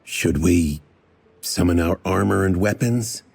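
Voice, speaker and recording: A wary, tense young man, as a male narrator voices him close to his own deep, husky voice. The tone is dark and low. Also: unhurried, faint music behind, exaggerated voice.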